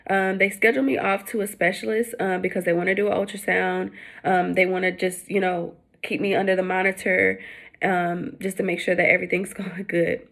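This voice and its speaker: A young adult woman casually telling her pregnancy story to the camera, chatty with lots of fillers, jumping high when she acts out what people said. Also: creaky, fairly bright tone. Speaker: vlogger.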